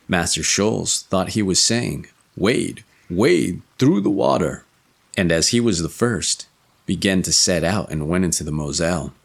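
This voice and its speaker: Deep gravelly storyteller man. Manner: expressive storybook reading. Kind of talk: fairy tale narration.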